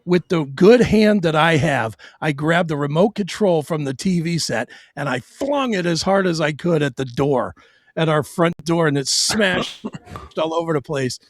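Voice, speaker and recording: A man's voice: on the high side, expressive, measured pace, dry recording, clean studio sound. A middle-aged man on his own show, telling a hard personal story bluntly and profanely, with stammered restarts.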